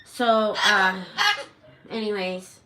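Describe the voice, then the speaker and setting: Speaking extremely slowly in a level, mid-range voice, a middle-aged woman who hosts a parrot rescue channel tells a story to camera at home. Her telling is dramatic, emotional and rambling with many restarts, set against a noisy background in an echoey indoor room.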